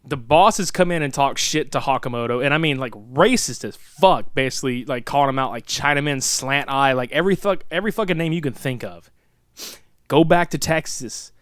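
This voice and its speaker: A man's voice: mid-range voice, a little fast, hardly any pauses, clean tone, no room sound, studio quality. A man co-hosting a podcast, chatting casually and profanely about a movie, laughing and quoting scenes. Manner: animated, profane, laughs often, quotes scenes. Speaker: podcast co-host.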